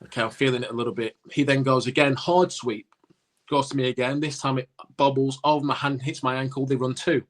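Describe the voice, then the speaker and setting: Man telling a lively cricket story. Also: mid-range voice, brisk. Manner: animated anecdote-telling with acted-out quotes. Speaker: podcast co-host, former cricketer. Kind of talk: casual storytelling.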